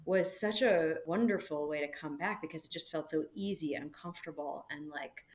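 A woman who is a musical theater actress and singer, telling stories in a relaxed interview with emphatic, animated delivery. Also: low voice, moderate pace. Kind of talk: casual interview chat.

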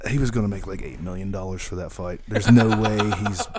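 A man's voice: low-pitched, a little fast, over a noisy crowd. Man, casual chat, laid-back, profane. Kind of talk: casual crude banter.

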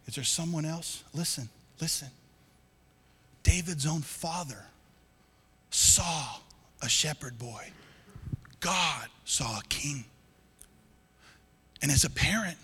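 A man preaching as a pastor, joking with the congregation and swinging between loud emphatic lines and hushed, whispered ones. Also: on the high side, slow pace, pauses often, husky, big-room sound. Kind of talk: sermon. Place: church auditorium.

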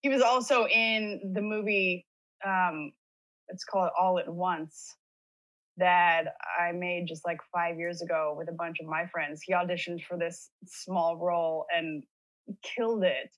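A woman's voice: lowish voice, fairly even intonation, measured pace, a bit bright, rough recording. A woman guest in a casual chat, telling stories and acting out what others said. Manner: chatty storyteller, acting out others' words.

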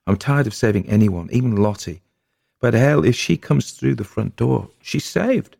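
A man voicing a weary, gruff middle-aged husband who talks bluntly and swears in exasperation. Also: mid-range voice, expressive, normal speed, a little mellow, dry recording, clean studio sound, voice pushed up.

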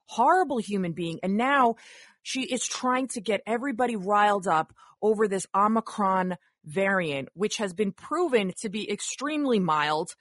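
A woman's voice: medium pitch, expressive, moderate pace, a bit bright, dry recording. A woman hosting a talk radio show, chatting casually with lots of fillers. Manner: chatty, uses many fillers.

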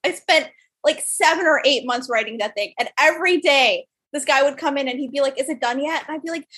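A woman's voice: sits high, a bit bright. A young woman, a podcast guest, telling stories in casual interview chat, full of "like" fillers. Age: young adult. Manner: fast, filler-heavy storytelling with lots of "like". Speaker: podcast guest, startup founder.

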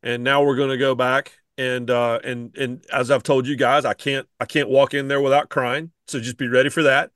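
Halting man with a dry close sound. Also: medium pitch, little pitch movement, fairly bright tone, dry recording. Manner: halting, restarts and repeats words. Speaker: podcast co-host. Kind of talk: casual podcast chat.

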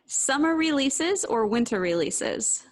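A woman hosting a podcast interview, asking brisk quiz-style questions and laughing often. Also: high voice, big pitch swings. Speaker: podcast host. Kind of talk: casual interview.

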